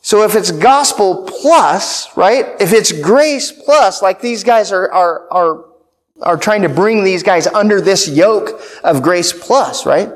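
A pastor preaching a sermon, emphatic, repeating key phrases and checking in with "right?". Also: male voice, high-pitched, animated, takes it slowly.

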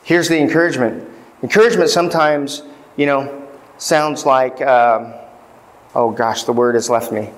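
A man's voice: mid-range voice, fairly even intonation, normal speed, long reverb tail, low-quality recording. A man preaching a sermon as pastor, chatty with fillers and asides, lifting his voice when he reads scripture. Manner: reads scripture aloud with rising emphasis. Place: church sanctuary.

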